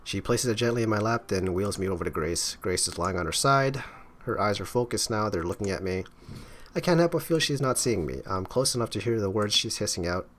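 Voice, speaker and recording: A man's voice: sits low, a little fast, fairly bright tone. A man hosting a game playthrough, reading the dialogue aloud dramatically and breaking off for wry comments. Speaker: let's play host.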